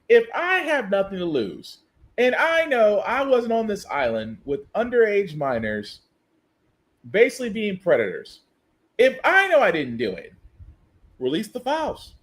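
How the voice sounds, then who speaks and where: Animated, high-voiced ranting male host. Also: a little slow. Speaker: podcast host. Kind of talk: casual political commentary.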